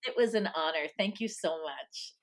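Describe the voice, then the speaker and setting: A woman's voice: sits low, expressive, normal speed, soft background music. A woman from the United States, a guest author in a casual interview, who laughs often and is self-deprecating.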